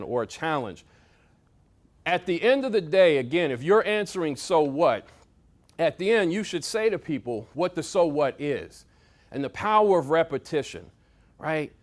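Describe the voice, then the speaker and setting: A fairly high-voiced man delivers a lively motivational talk to a roomful of people. He coaches his listeners with sports analogies and repetition, swinging from quiet asides to loud, punchy calls to action. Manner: lively, coaching, varies loudness for emphasis. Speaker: speaker at a leadership workshop. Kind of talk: motivational talk to a live audience. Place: meeting room with audience.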